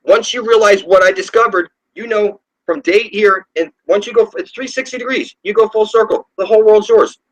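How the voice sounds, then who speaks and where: High-voiced man on a profane rant. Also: fairly quick, few pauses, rough recording. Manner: ranting, profane and insistent, with sudden pitch jumps. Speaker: channel host. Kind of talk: rambling monologue to camera.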